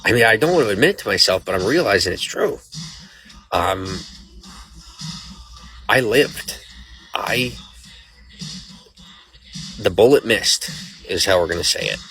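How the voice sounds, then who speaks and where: A man's voice: fairly low pitch, expressive, a little slow, pauses often, rough recording. A man on a late-night livestream, exhausted and emotional, talking in a weary, rambling way from a restaurant. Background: loud music from a nearby speaker.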